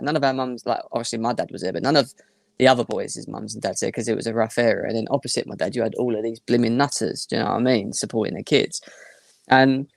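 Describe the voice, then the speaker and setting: A young man, animated and rambling as he tells a story as a podcast guest. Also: medium pitch, creaky, dry recording, clean studio sound. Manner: animated, rambling anecdote with restarts. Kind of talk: casual storytelling.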